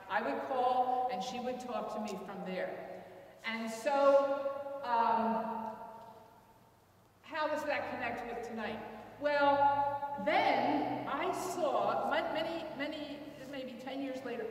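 An older woman giving a speech, telling a personal story in an earnest, halting way with repeated words. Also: high voice. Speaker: invited speaker. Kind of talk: personal story in a public talk. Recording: echoey hall from far off.

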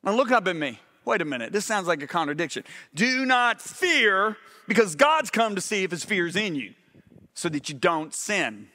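High, bright-voiced animated male preacher. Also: normal speed. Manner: animated storytelling preacher, swings between loud exclamations and low intense emphasis. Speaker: pastor. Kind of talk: sermon.

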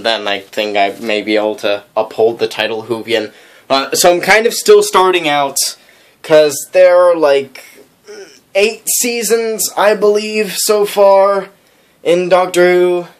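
An excitable man rambles through a casual vlog, packing his talk with filler words. His voice sits a little high for a man. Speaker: vlogger.

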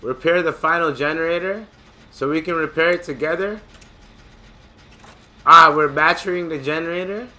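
A man casually commentating his gameplay, excitable and joking, with loud profane outbursts. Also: fairly high pitch, normal speed, pauses often, a little hiss or hum. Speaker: gamer and channel host.

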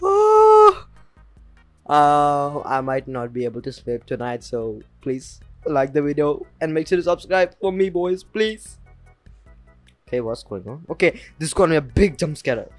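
A young man filming a reaction vlog, excitable and jumpy, with frequent shrieks and nervous laughter into a desk mic. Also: a little high, moderate pace, no room sound, faint music behind. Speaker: reaction video creator. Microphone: desk mic with headphones.

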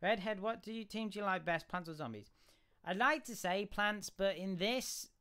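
A young British man live-streaming a video game, shouting excitedly during fights and mumbling while reading chat. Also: sits high, normal speed, clear, resonant tone. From United Kingdom. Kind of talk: live gaming stream commentary.

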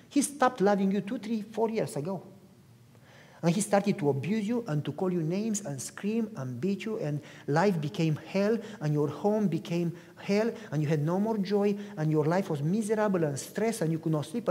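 Animated pastor telling a sermon story. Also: male voice, high-pitched, long reverb tail. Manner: animated, acts out dialogue with big swings in loudness.

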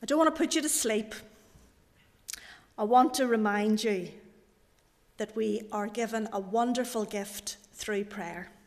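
A woman's voice: on the high side, measured pace, pauses often. A middle-aged woman preaching a sermon, telling a humorous story. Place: church. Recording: church hall reverb.

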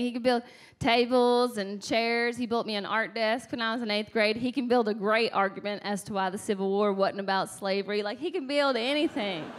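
A woman's voice: fairly high pitch, fairly bright tone, a little hiss or hum. A woman in her thirties doing a stand-up set on a club stage, chatty and wry. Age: 30s. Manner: conversational, wry. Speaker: stand-up comedian.

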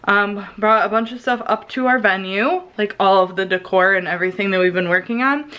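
A woman's voice: mid-range voice, brisk, sharp tone, dry recording, lo-fi sound. Chatty young woman vlogging. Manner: chatty, rambling, lots of fillers. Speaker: vlogger, bride-to-be. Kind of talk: casual vlog chat. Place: car, then home. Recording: background noise.

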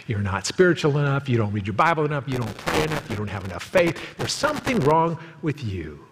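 In a church sanctuary, a male pastor preaches a sermon built on stories, acting out the people in them by voicing their quotes at a higher pitch. The recording has a long reverb tail and a noisy background.

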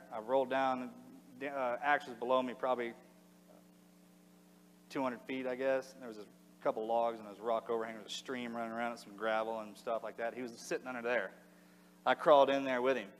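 A middle-aged man telling a war story to an audience in a plain, halting way, his voice sinking low and quiet at the hardest parts. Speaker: speaker giving a talk. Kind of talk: recounting a combat story to an audience. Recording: long hall reverb.

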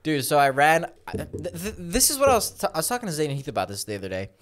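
Animated swearing young man telling stories. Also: fairly high pitch, very fast. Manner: laughing storyteller, heavy swearing, animated quoted voices. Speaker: podcast co-host. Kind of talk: casual podcast chat.

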